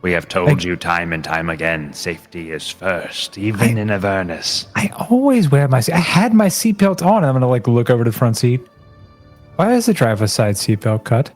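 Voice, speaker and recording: A man voicing a stern, low-voiced car navigator construct in a tabletop game, scolding in a flat, measured way. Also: soft background music.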